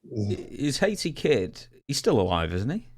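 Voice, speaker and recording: A man hosting a podcast in casual chat, brisk and upbeat as he reads fan questions and prompts his co-host. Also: mid-range voice, very animated, darkish tone.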